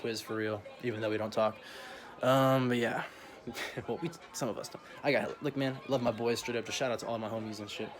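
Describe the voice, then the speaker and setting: A man's voice: mid-range voice, steady tone, a little fast. A young man vlogging a casual, profane rant full of slang, often laughing as he talks.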